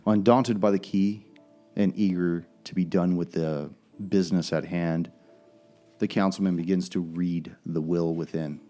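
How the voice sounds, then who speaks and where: A man narrating as game master of a tabletop game, with measured, descriptive storytelling. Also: low voice, fairly even intonation, mellow, faint music behind.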